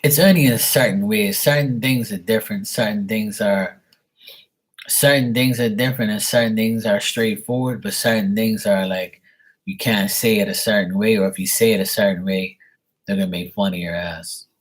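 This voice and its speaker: A man talks loosely and casually to his livestream viewers, rambling from one story to the next and swearing freely. His voice sits low and carries a husky grain, and he often stumbles over and repeats his words. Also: steady tone, normal speed. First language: Portuguese spoken at home. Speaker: live tarot reader.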